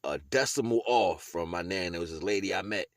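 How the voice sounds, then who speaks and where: A man's voice: sits low, brisk, no echo. Easygoing man with slangy, dry-sounding talk. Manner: street slang, keeps asking "you know what I'm saying"; laughs often while talking. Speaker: video blogger. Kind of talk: casual motivational monologue.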